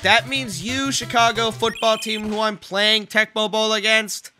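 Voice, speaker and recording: A man giving casual, rambling commentary while playing a football video game, swearing and yelling at the screen. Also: high-pitched, flat delivery, measured pace, faint music behind. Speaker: let's play host.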